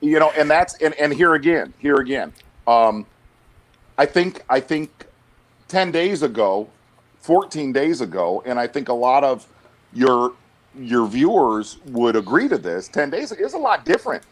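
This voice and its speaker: A man's voice: mid-range voice, a little slow. A middle-aged man, talking bluntly on a casual podcast, stammering and restarting as he goes. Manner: blunt, animated, lots of restarts and stammered repeats. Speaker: guest.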